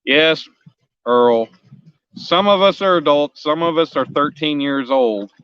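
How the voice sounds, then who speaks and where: A fishing vlogger in his forties chats casually on a live stream from a riverbank, rambling while joking with and teasing his viewers. His voice is a little high, slow, clear and resonant, with no echo but the highs cut off.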